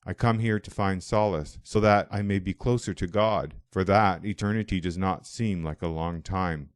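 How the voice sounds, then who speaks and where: Guy doing a calm old hermit monk in a storybook, deep booming voice, kind and welcoming. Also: moderate pace, clean tone, no echo, natural voice. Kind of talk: audiobook dialogue.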